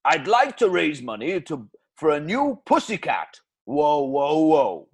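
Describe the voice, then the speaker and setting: A brash showman crooner with a thick Welsh accent, as a man puts him on for a spoof advert. He booms and swings his pitch around, pushing every line like a stage act. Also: huge pitch swings, unhurried, slightly rough, exaggerated voice. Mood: hammy. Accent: Welsh, put on. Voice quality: exaggerated, booming showman delivery.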